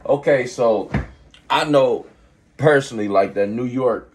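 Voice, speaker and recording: A man's voice: medium pitch, a little slow, a little hiss or hum. Laid-back joking male interviewer. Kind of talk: casual interview.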